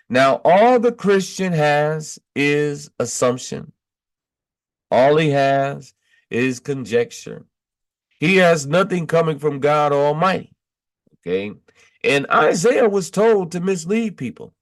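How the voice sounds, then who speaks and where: Reading verses aloud, a male preacher then unpacks them point by point in an exhortation explaining scripture. His fairly high voice has lively intonation, and he speaks slowly with frequent pauses. He's emphatic, pressing and repeating each point with a questioning "Okay?"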